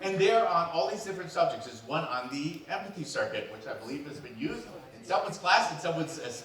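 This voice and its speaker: A man from New York delivers a comic storytelling monologue, acting out the people he talks about. His voice sits a little high and swoops up and down. He is picked up from a distance in a very echoey hall with a faint hiss behind. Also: fairly quick. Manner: animated, playful, acts out the people in his stories. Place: event hall.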